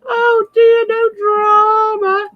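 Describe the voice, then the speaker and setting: A woman putting on a shrill, whiny voice to mock a complaining streamer, over a dull lo-fi recording. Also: flat delivery, extremely slow, dry recording, full character voice. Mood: whining. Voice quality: high whining mockery. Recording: dull lo-fi with faint music.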